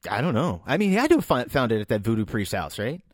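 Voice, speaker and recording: A man co-hosting a podcast in casual chat, animated as he tells stories. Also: mid-range voice, fast talker, no echo, studio quality. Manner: animated storyteller. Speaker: podcast co-host.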